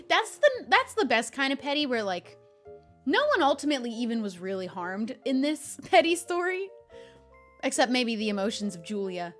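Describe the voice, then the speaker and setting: A young woman with a high voice reads stories aloud on a livestream. She drifts between the text and chatty, laughing asides. Soft music plays faintly underneath. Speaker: streamer.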